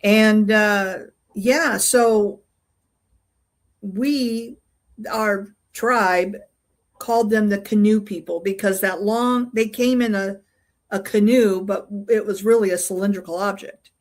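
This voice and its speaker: Older woman telling a story haltingly. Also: medium pitch. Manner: halting, full of fillers and restarts while recounting. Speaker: interview guest, UFO investigator. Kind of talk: casual storytelling interview.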